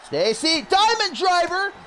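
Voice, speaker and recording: A man calling a wrestling match play by play, getting excited and shouting at the big moments. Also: very high voice, unhurried. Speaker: wrestling commentator. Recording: loud crowd and noise behind. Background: cheering crowd.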